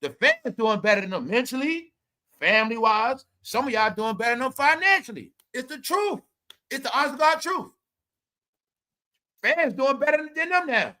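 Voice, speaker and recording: Bright-voiced man ranting celebrity gossip. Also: extremely high pitch, sing-song, moderate pace. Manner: loud, laughing, swearing, addresses viewers as y'all. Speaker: commentary host. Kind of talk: casual celebrity gossip rant.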